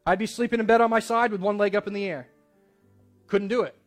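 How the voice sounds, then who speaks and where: A man preaches to his congregation, telling a story in a plain, earnest way. His voice sits high for a man. Soft instrumental music plays faintly underneath. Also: steady tone, fast talker. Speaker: pastor. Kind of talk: sermon.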